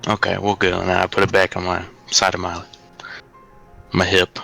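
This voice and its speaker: A man's voice: low-pitched, monotone, moderate pace, creaky, pushed and bright, soft background music. A man playing a cleric in a tabletop game, casual, hesitant and joking, swearing freely. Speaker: player.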